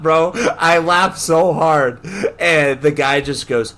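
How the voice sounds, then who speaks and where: A young man co-hosting a podcast, telling stories in casual chat, animated, laughing often and acting out the people he quotes. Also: fairly high pitch, takes it slowly. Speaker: podcast co-host.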